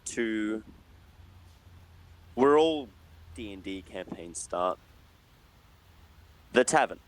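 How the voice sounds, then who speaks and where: A man narrating a tabletop game as dungeon master, hesitant and halting with many restarts. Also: lowish voice, animated, low-quality recording.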